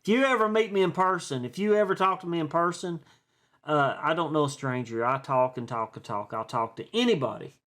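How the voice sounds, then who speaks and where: A man's voice: fairly high pitch, a little fast, a bit bright. A man with an East Tennessee accent, rambling in a chatty, folksy way through a casual vlog monologue, full of fillers and restarts. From East Tennessee, USA. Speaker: stock and crypto video host.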